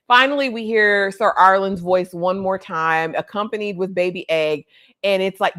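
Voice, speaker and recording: A woman's voice: medium pitch, normal speed, a bit bright. A woman host in a casual TV episode recap, with a voice in the middle range. She retells scenes in playful slang and drops in the characters' lines as she goes. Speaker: podcast host.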